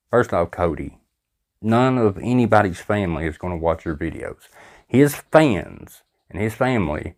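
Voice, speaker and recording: A man hosting a reaction video, giving angry, sarcastic commentary. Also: sits low. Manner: exasperated, sarcastic.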